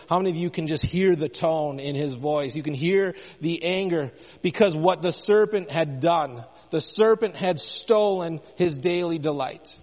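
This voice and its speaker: Male preacher, fairly high voice, impassioned sermon, long church reverb. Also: darkish tone. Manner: impassioned, rising and falling in intensity.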